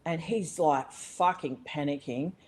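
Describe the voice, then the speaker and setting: An Australian woman, middle-aged, telling a personal story as a podcast guest, animated and blunt, swearing freely with many fillers and restarts. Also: low voice, a little slow, poor audio. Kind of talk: casual conversational storytelling.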